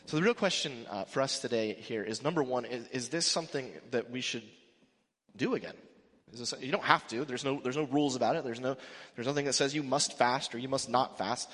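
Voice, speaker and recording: The church sanctuary echoes with long reverb as a male pastor preaches fairly quickly in a mid-range, fairly bright voice. His style is conversational and emphatic, and he acts out each quote he gives.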